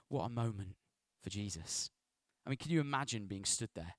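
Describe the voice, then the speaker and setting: A man preaching a sermon as pastor, animated, dropping to hushed asides and rising to loud, playful bursts. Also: mid-range voice, normal speed, hardly any pauses, no room sound, clean studio sound.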